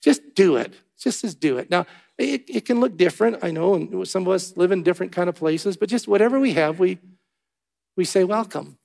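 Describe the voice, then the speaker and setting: A middle-aged man in a church gives a storytelling sermon. His voice sits high for a man, with a gravelly edge of vocal fry. He slips into quoted voices as he tells the story. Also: brisk. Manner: animated storyteller, voices himself and others in quotes. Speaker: preacher. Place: church sanctuary.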